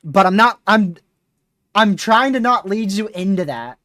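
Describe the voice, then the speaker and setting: A woman giving lively live-stream commentary while guiding a storm chaser, often laughing and talking to her chat. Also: mid-range voice, measured pace, no echo, studio quality.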